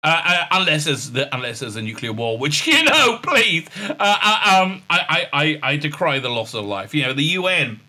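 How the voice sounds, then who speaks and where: Sarcastic ranting man with a bright voice. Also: fairly high pitch, lively intonation, fairly quick, hardly any pauses. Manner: sarcastic, ranting, with many filler sounds. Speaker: show reviewer. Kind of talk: sarcastic episode recap.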